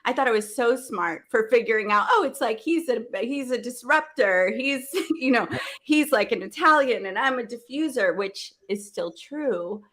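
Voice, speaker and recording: A woman's voice: on the high side, moderate pace. A woman hosting a business panel, telling a personal story animatedly and acting out the dialogue. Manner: animated, acts out dialogue, laughs often. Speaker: event host.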